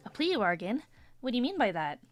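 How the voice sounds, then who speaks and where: A woman's voice: lowish voice, animated, fast talker, a bit bright, soft background music. Brief: nervous young defense lawyer, stammering; a woman reads him. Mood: unsure. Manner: hesitant, stammering.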